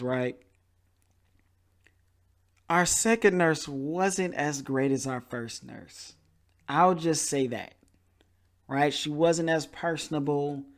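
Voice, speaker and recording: A male podcast host tells a story casually and with animation, acting out the people he quotes. His voice is on the high side.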